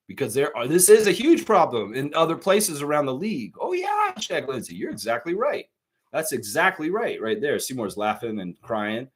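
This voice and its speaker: A man hosting a live sports stream, talking in a rambling, excitable way and laughing often. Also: medium pitch. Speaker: podcast host. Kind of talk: casual live-stream chat.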